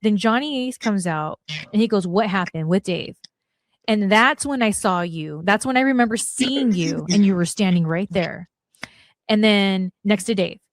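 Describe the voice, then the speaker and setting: A woman in her forties, a former wrestler appearing as a podcast guest, tells stories bluntly in casual chat, acting out the lines she quotes. Her mid-range voice goes at normal speed, with no echo.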